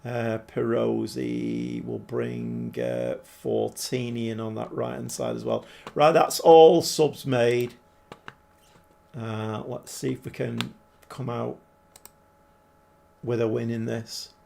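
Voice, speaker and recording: A man's voice: mid-range voice, animated, takes it slowly, vocal fry, pauses often, darkish tone. A man casually commentating while live-streaming a football management game and chatting with viewers, swearing mildly along the way. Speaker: game livestreamer.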